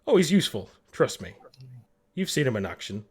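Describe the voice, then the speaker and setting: A man's voice: medium pitch, sing-song, fairly quick, slightly rough. A man voicing a curt starship captain. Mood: reassuring. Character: brisk male starship captain giving orders.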